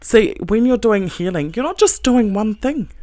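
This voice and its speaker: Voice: medium pitch, animated, normal speed, mellow, dry recording, studio quality. A self-help speaker giving a blunt, heavily profane motivational monologue, earnest and emphatic, with short laughs.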